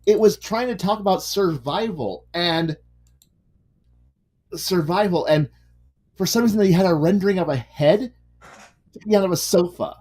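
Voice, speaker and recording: A man's voice: high-pitched, moderate pace, pauses often, a little mellow. A man chatting casually while painting miniatures, ranting and swearing as he goes. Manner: ranting, profane, restarts sentences. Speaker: hobby miniature painter hosting a stream.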